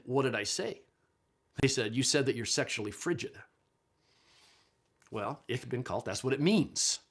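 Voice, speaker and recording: A man's voice: mid-range voice, a bit bright. A middle-aged man giving a conversational lecture on Bible translation, explaining patiently with frequent fillers and restarts. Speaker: Bible scholar and teacher.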